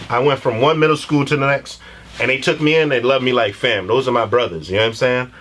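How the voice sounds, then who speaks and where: Man, 30s, podcast host, mid-pitched voice, laid-back slangy chat. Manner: relaxed, loose slangy talk with many restarts. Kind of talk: casual chat.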